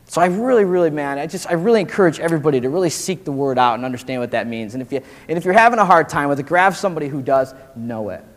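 A man in his forties preaching a casual, slangy sermon to college students, animated and full of "dude" and "man". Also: fairly high pitch, very fast, few pauses. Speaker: pastor. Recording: long hall reverb.

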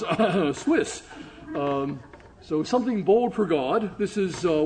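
Male guest lecturer, slightly high voice, casual and witty, full of "uh"s and asides. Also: darkish tone, slight background noise. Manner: chatty, humorous, with fillers and asides. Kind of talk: church history lecture.

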